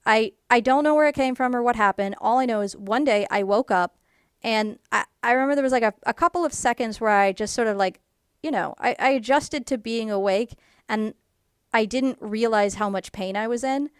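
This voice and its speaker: A woman casually telling a personal story to camera in a rambling way, full of fillers, and animated when she quotes people. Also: a little high, fairly quick, clear, resonant tone, no room sound, clean studio sound. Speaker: YouTuber.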